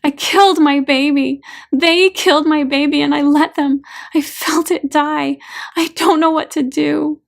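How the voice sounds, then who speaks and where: A sobbing woman in her forties, as the reader puts her on, her words breaking and gasping through tears. The voice sits high and moves slowly. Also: steady tone, gravelly, heavily acted. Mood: anguished. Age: 40s. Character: anguished woman reliving teen trauma, sobbing.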